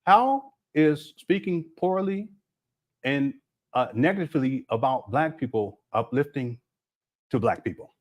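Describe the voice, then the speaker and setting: A man's voice: mid-range voice, expressive, measured pace. A man hosting a livestream, commenting casually and mockingly while laughing often. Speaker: livestream host.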